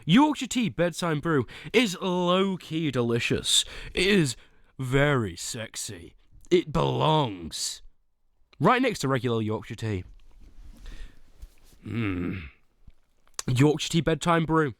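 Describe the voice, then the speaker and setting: A man's voice: on the high side, big pitch swings, slow pace, pauses often, fairly bright tone, dry recording, studio quality. A young man streaming casual chat, ranking teas with whiny pleading and sudden dramatic outbursts.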